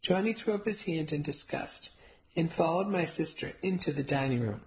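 Woman, audiobook narrator, low-pitched, wry, lively first-person story. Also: normal speed, rough recording.

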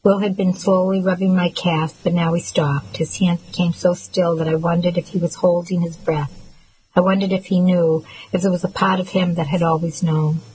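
A woman reading a first-person novel aloud as an audiobook narrator, in a measured, steady way. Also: fairly low pitch, slight background noise, poor audio.

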